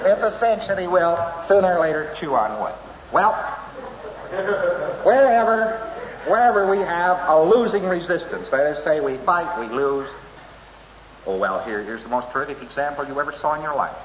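A man's voice: fairly high pitch, animated, normal speed. A man giving an informal lecture in a wry, anecdotal way, chuckling at his own asides. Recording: echoey hall, dull lo-fi old tape, faint hiss.

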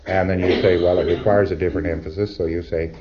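Male lecturer, very low voice, wry and conversational, muffled lo-fi tape. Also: little pitch movement, fast, heavy background noise. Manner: conversational, wry, acts out exchanges. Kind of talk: recorded lecture to trainees.

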